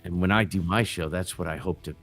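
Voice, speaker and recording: Low-voiced man rambling on a livestream. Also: a little fast, a bit bright, soft background music. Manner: rambling, loose and profane, restarts often. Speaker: livestream host. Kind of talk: casual livestream chat. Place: backyard grill gazebo.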